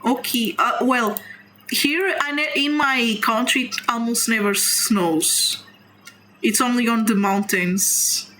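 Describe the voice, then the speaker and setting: Portuguese-accented woman streamer, high voice. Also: slow pace, sharp tone, slight background noise, low-quality recording. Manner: giggly, hums tunes while playing. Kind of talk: casual gaming chat.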